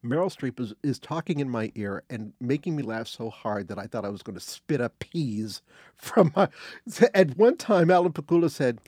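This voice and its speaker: A man's voice: medium pitch, normal speed, slightly rough, no room sound. Older guy spinning a story, voice bouncing all over, dry close sound. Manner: animated, acts out quotes, restarts phrases. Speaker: guest telling an anecdote. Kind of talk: casual storytelling.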